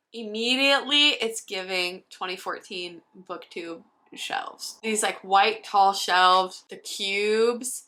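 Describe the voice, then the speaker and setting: A woman's voice: medium pitch, pushed and bright. A young woman book vlogger giving casual comedic commentary, teasing playfully.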